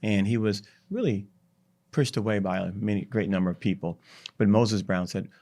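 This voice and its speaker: A man guest on a podcast, telling a history story in an animated, drawn-out way. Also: on the low side. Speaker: startup CEO, podcast guest. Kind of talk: conversational storytelling.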